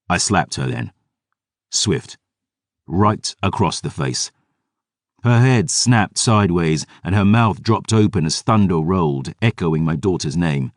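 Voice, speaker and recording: A man doing measured, dramatic scripted narration for a fantasy audiobook. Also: deep voice, lively intonation, no room sound, clean studio sound.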